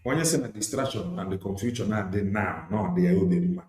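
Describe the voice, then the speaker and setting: A man's voice: sits low, fast talker. A man with a Nigerian Igbo accent preaching an impassioned political sermon, switching between English and Igbo. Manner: forceful, exhorting, mixing English and Igbo. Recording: echoey room with faint noise.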